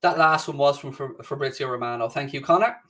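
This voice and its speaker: Speaking quickly in a sharp, mid-range voice, a man hosts a relaxed live stream from his home studio, swearing freely and reading out what viewers write. He's recorded from well away from the microphone.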